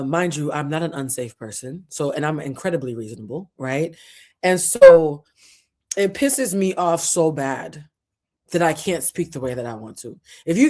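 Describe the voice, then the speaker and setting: A show host giving impassioned commentary to camera, fiery and profane, preaching with repeated phrases while close to tears. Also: mid-range voice. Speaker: host of a culture and tarot channel.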